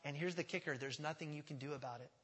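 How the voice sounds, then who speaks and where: A male pastor preaching a sermon in a church, emphatic and repetitive, swinging from quiet to loud. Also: fairly high pitch, fast talker, husky. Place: church sanctuary. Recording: long church reverb.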